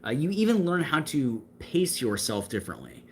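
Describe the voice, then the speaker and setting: A man's voice: mid-range voice, big pitch swings, moderate pace, darkish tone, slight background noise. A young man chatting casually on a livestream, talkative and full of fillers as he answers viewers. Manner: talkative, gestures with hands, fillers and restarts. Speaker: livestream host answering chat.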